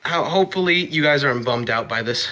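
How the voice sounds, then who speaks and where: A man's voice: medium pitch, lively intonation, brisk, bright, forceful tone. A man ranting casually to camera in his apartment, exasperated and rambling with frequent restarts. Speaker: vlogger.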